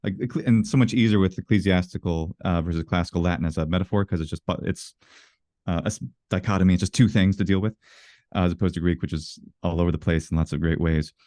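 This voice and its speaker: Deep, mellow-voiced man explaining earnestly. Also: steady tone, fast talker, dry recording, studio quality. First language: English. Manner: earnest, explains at length with frequent self-corrections. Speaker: interview guest. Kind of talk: casual interview conversation.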